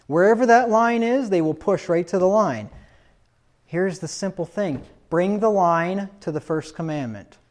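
A man's voice: sits high, a little mellow. A man preaching a sermon on child discipline, talking emphatically with frequent rhetorical questions and repeated points.

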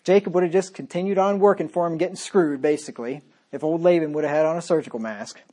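A man preaches a sermon at a quick pace, reading verses aloud. Between loud points he drops into sarcastic, low asides.

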